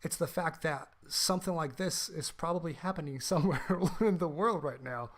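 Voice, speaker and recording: A man co-hosting a casual podcast with a fairly high voice, talking through a film in an animated way. He swears freely and acts out snippets of dialogue. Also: normal speed. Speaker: podcast co-host.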